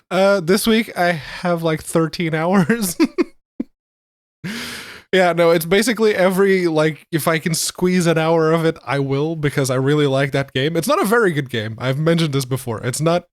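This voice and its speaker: A man's voice: a little high, a little slow, no echo. A man co-hosting a casual podcast, with a dry, wry, understated way of talking. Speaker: podcast co-host. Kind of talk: casual chat.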